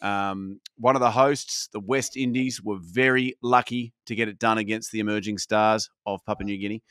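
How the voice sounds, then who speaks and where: A man's voice: lowish voice, steady tone, moderate pace, a bit bright, smooth, no echo, clean studio sound. A man hosting a podcast, opening the show in a jokey, emphatic way. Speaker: podcast host. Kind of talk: comedic podcast intro.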